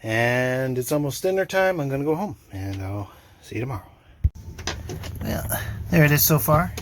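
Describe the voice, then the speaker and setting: A man's voice: mid-range voice, expressive, normal speed, a little hiss or hum. An older man narrating his own work on a boat engine, dry and self-deprecating, with lots of fillers. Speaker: boat owner doing a motor refit. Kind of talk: casual narration while working. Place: inside a sailboat cabin.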